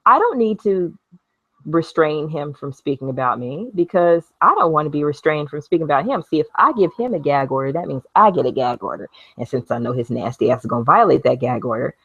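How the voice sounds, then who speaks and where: A woman's voice: low voice, fairly bright tone, no echo, highs cut off. A woman in a casual vlog rant at home, blunt and sarcastic, swearing freely while she works with a glue gun. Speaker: video blogger. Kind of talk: casual talking-to-camera rant.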